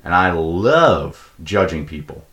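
A man's voice: slow, a crowd in the background. A young man hosting a podcast, telling rambling comic stories with plenty of swearing and acted-out quotes. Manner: profane, animated, acts out quoted people in a high voice. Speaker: podcast host. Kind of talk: casual comedic storytelling.

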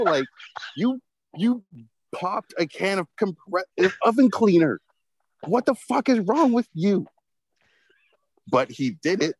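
A man's voice: high-pitched, sing-song, slow pace, pauses often, slight background noise, rough recording. A man telling a rambling story in casual chat, swearing heavily and filling his talk with "like.". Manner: rambling, heavy swearing, lots of fillers.

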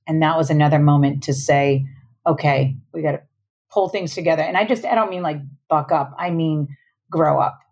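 A woman's voice: sits low, mellow. A woman in her forties speaking earnestly as a parenting coach on a podcast, laughing often. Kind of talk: casual interview talk.

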